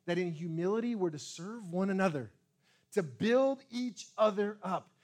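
Male pastor, fairly high voice, very lively pitch, preaching a sermon, swinging loud and soft. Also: normal speed. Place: church sanctuary.

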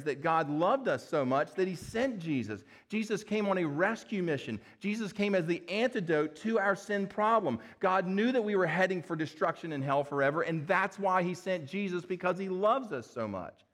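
A pastor preaching an earnest sermon, reading scripture and asking rhetorical questions. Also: male voice, on the high side, a bit bright. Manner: earnest, rhetorical questions, addresses listeners as friends.

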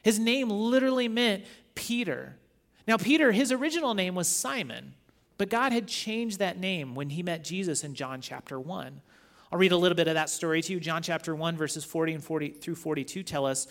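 Male guest preacher, somewhat high voice, casual and animated, mixes scripture reading with retelling. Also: a little fast. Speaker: guest teacher. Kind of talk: sermon.

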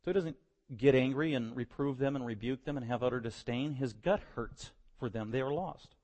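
A man preaching a sermon, moving between quiet verse-by-verse teaching and loud, impassioned stretches. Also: medium pitch, a little fast.

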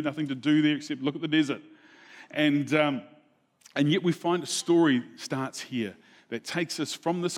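A man preaching a sermon, telling a Bible story in a relaxed, conversational way and asking the audience questions. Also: medium pitch. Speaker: pastor.

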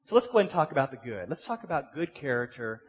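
Fast and slightly rough, a middle-aged man's medium-pitched voice swings widely in pitch as he preaches. He's a pastor in a church sanctuary, delivering a casual, conversational sermon full of rhetorical questions and repeated words, with a long hall reverb.

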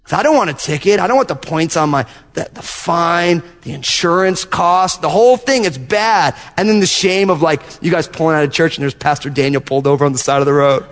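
A man pastor preaching a sermon, telling animated stories and acting out little asides to his congregation. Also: fairly high pitch, brisk, few pauses, big-room sound. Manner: animated storytelling with acted-out asides.

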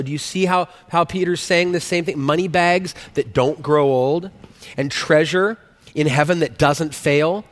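A man's voice: on the high side, a little slow. A male pastor preaching a sermon in a conversational way, often restarting sentences and asking the congregation questions. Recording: long hall reverb.

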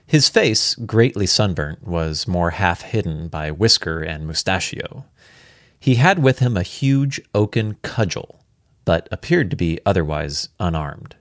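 A man casually reading a classic story aloud, relaxed and chatty, breaking off now and then to comment on the text. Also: low-pitched, measured pace, no echo, studio quality. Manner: relaxed, chatty, comments and laughs at his own slips. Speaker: reader.

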